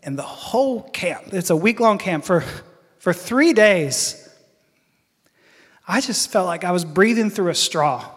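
A man telling an earnest personal story in a sermon, often pausing and restarting his sentences. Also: high-pitched, expressive, a bit bright, slightly rough, long reverb tail. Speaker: preacher.

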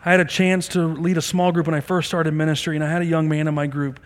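A man preaching a sermon in a church service, telling stories with animated delivery and acting out the people in them. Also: fairly high pitch, fast. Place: church sanctuary during a service. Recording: long reverb of a large hall.

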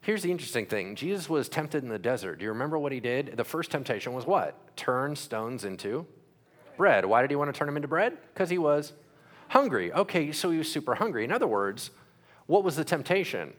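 Pastor guy preaching, lively, throws questions at the crowd, acts out little voices. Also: on the high side, a little fast. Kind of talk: sermon.

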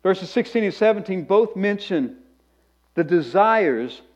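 A man with a high voice preaches to his congregation. He talks casually, often repeats or restarts a phrase, and slips in jokes and asides. The sound is slightly dull and lo-fi. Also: expressive, unhurried, darkish tone. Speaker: pastor. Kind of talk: sermon.

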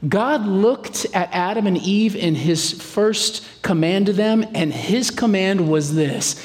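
A man preaching a sermon in a lively, animated way, acting out quotes in playful voices. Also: high-pitched, takes it slowly, hardly any pauses. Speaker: pastor. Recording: reverberant hall.

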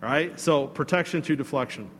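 Man, pastor, sermon, chatty storytelling, slightly high voice, long hall reverb. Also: fairly quick, slight background noise. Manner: conversational and animated, with fillers and asides to the congregation.

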